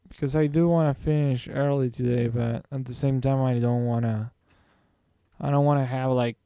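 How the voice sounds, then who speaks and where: A man streams himself drawing, thinking aloud casually to himself and his viewers, rambling and correcting himself as he goes. His medium-pitched voice is creaky, warm and smooth, captured in clean studio sound with no room noise.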